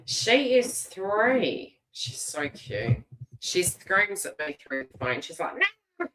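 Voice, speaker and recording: A woman's voice: on the low side, sing-song, slow, a bit bright, slight background noise. A middle-aged Australian woman giving a live tarot reading and chatting casually, laughing often and restarting her phrases. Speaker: tarot reader. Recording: roomy echo.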